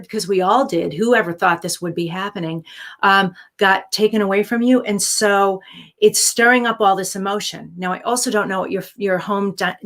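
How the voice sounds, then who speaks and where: A woman hosting a live-streamed show, answering viewer questions with earnest, encouraging life-coaching advice. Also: mid-range voice.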